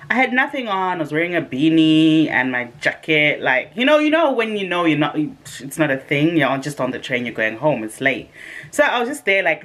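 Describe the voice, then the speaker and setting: A woman with a British accent, vlogging as she tells a dating story in a casual, animated way, acting out what people said. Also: extremely low pitch. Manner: animated, dramatic retelling with quoted asides.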